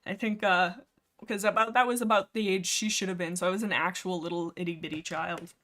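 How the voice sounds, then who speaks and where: Woman livestream host, casual book chat, excitable, rambling, headset mic. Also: on the low side, brisk. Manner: rambling, excitable, filler-heavy chatter.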